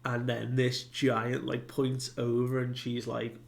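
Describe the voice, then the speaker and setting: A man's voice: medium pitch, completely flat delivery, slow, creaky. A man giving a casual recap of a comic chapter, retelling it loosely with many fillers and asides. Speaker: manga reviewer.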